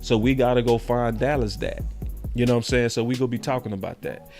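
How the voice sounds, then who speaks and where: A man's voice: mid-range voice, fairly even intonation, quick pace, darkish tone, soft background music. A man hosting a sports podcast, talking in a heated, slangy, repetitive way. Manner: fired-up, slangy, repeats himself. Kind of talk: heated casual sports talk.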